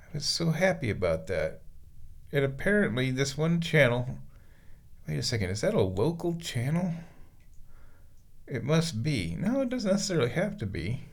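A man's voice: medium pitch, sing-song, normal speed, gravelly, long pauses. A man chatting aloud from a bathroom bathtub, musing to himself and cooing at his cat. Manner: talks baby-talk to his cat, muses aloud. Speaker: vlogger. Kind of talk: rambling casual monologue.

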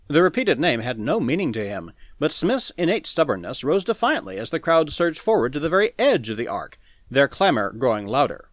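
A man narrating a pulp science fiction story as an audiobook in a dramatic, animated reading. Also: fairly high pitch, brisk, no room sound, clean studio sound.

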